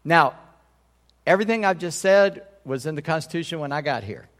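A man's voice: a little high, lively intonation, fairly quick, a bit bright, long reverb tail. A man pastor preaching a sermon in a conversational way, often checking in with his congregation.

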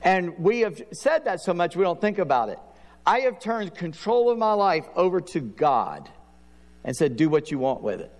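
A man's voice: high-pitched, sing-song, normal speed, darkish tone, in a large hall. A middle-aged man preaching a sermon in a folksy storytelling manner. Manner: folksy storytelling, acts out prayers and dialogue. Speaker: pastor.

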